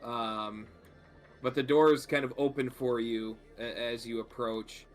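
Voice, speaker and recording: A man narrating as game master in a tabletop game, relaxed and full of fillers. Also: medium pitch, measured pace, soft background music.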